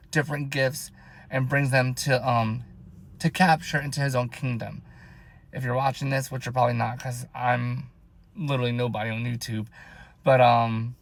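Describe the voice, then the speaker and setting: A man's voice: mid-range voice, no echo. Young guy rambling on about his faith, lots of "like", pretty dry recording. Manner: rambling, emotional, heavy use of "like". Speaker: vlogger. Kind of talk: casual personal faith talk.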